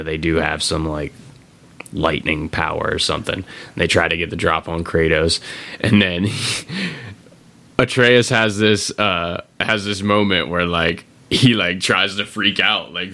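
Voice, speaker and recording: Gravelly low-voiced man retelling a game. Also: bright, forceful tone. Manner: laughing often, swearing, acting out lines in quick voices. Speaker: podcast host. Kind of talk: casual chat, retelling a game story.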